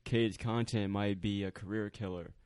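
A young man co-hosting a podcast, talking in a laid-back, steady way. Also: on the low side, moderate pace, smooth, dry recording. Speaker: podcast co-host. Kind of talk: casual chat.

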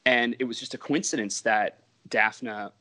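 A man's voice: medium pitch, unhurried, pushed and bright. A comic book writer, a man, telling stories in a casual interview and rambling and interrupting himself as he talks.

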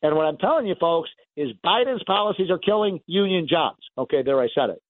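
Animated male talk radio host. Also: on the high side, fairly quick, dry recording. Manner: animated, emphatic, coughs now and then. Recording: dry, phone-like narrow band.

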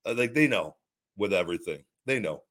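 This middle-aged man hosts his own talk show, his voice sitting low, expressive and brisk with a fairly bright tone. He tells a blunt, profane, rambling story in casual solo talk, acting out what others said in retold dialogue.

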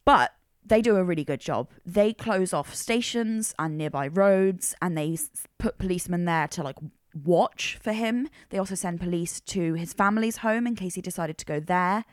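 A woman's voice: fairly low pitch, normal speed, no room sound, studio quality. A woman co-hosting a podcast, telling a true crime case in a chatty, slangy way. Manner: chatty, uses casual slang like mega. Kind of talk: casual true crime storytelling.

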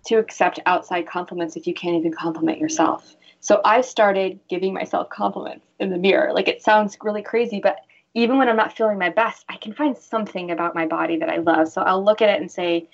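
A woman's voice: on the low side, steady tone, a little fast, creaky. A woman guest expert on a radio show, talking earnestly and acting out the voices she quotes. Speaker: guest expert, bra fitter. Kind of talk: casual radio interview. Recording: dull lo-fi sound.

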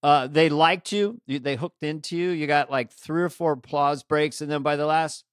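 A man's voice: fairly high pitch, normal speed, smooth, no room sound, studio quality. A man co-hosting a casual chat, talking in an encouraging, chatty way. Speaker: podcast co-host.

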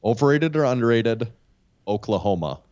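A man's voice: medium pitch, lively intonation, normal speed, darkish tone, no echo, muffled recording. A man co-hosting his own podcast as a guest caller, friendly and easygoing in casual chat. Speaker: podcast co-host.

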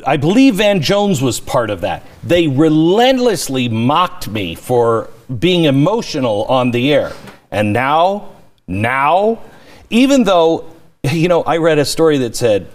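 A man hosting an opinionated talk show, speaking in an impassioned, emotional way and repeating words when stirred. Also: fairly high pitch. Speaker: show host.

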